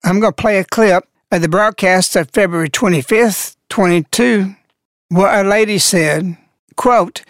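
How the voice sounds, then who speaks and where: A radio host giving an earnest devotional talk, slowing down to stress key words. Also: medium pitch, fairly bright tone, no echo, clean studio sound.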